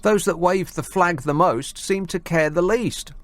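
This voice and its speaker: A man's voice: sits high, a little slow, a bit bright. A man hosting a late-night phone-in radio show, talking in a sardonic, mocking way.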